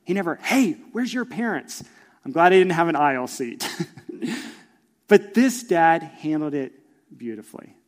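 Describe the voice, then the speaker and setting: A man's voice: a little high, lively intonation, a little slow, long pauses. Man preaching in a reverberant hall. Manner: storytelling, acts out voices, swings from hushed to loud. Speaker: pastor. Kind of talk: sermon. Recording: long reverb of a large hall.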